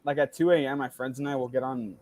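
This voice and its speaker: A man's voice: medium pitch, steady tone, quick pace, darkish tone, no room sound. A man on a sports podcast, telling a story with heavy swearing. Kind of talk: casual sports chat.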